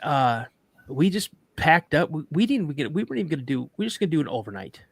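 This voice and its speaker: A man guest on a podcast, casually telling a story in an animated way, acting out quoted dialogue and often restarting his sentences. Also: a little high, fast, slightly rough, no room sound.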